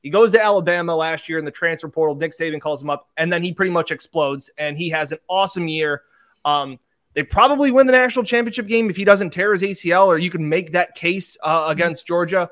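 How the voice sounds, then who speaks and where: A male sports reporter with a slightly higher-pitched voice who tells stories with energy. He acts out quotes from players and reporters as he goes, in a casual panel chat. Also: quick pace. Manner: animated storyteller, acts out quotes.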